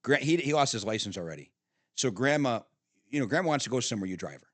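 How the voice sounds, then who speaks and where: Middle-aged man, podcast guest, salty animated storyteller, dry close studio sound. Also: mid-range voice, fast, dry recording. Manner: animated storyteller, swearing, frequent laughs and restarts. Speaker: podcast guest, father of the host. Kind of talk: casual storytelling chat.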